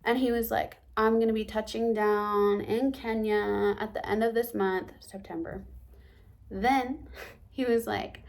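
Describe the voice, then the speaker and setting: A young woman telling a story to her camera in a casual vlog, animated and acting out the lines people said to her, with whispered asides. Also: medium pitch, a little slow, gravelly. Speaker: vlogger.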